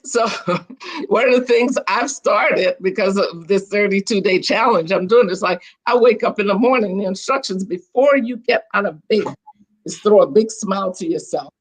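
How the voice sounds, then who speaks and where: A woman's voice: medium pitch, normal speed. Chatty older woman on a video call. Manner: animated, chatty, restarts her sentences. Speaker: guest. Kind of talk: casual storytelling on a video call.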